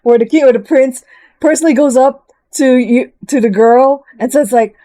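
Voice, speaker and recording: A woman chatting casually as she recaps a story, rambling with many fillers and jumping into a higher voice to quote characters. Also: moderate pace, mellow, dry recording. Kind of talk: casual chat.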